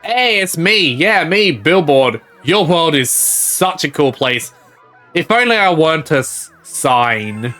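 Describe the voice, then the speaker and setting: A chatty male talking sign from a video game, friendly but wistful about his lot. His voice is bright and lifted, as a man puts him on. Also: a little high, sing-song, takes it slowly, soft background music, full character voice.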